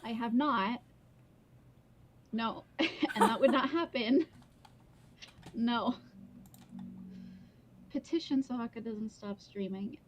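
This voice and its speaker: A woman's voice: on the high side, takes it slowly, long pauses, a little hiss or hum. A young woman streaming live, chatting casually and laughing as she answers her viewers' comments. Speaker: streamer and book reader. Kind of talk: casual livestream chat.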